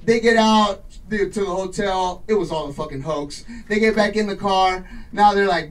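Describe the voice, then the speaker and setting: A man doing crude, profane stand-up storytelling in a small garage studio, brash with shouting bursts. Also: sits high, normal speed, few pauses, distant mic, poor audio. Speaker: stand-up comedian.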